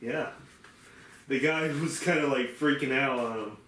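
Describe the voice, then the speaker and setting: A man's voice: medium pitch, unhurried, fairly bright tone. A man co-hosting a casual podcast, rambling through a story with plenty of fillers and restarts. He sounds a little far from the mic in an echoey room, with faint hiss behind him. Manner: rambling, many fillers and restarts, acts out quoted people. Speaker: podcast co-host.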